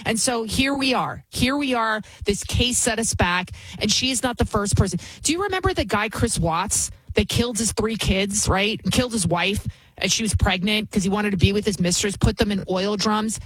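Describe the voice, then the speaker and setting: A woman's voice: mid-range voice, normal speed, slightly rough, no room sound. A woman hosting her own commentary show, speaking with indignant emphasis and repeating phrases for effect. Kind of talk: opinionated commentary.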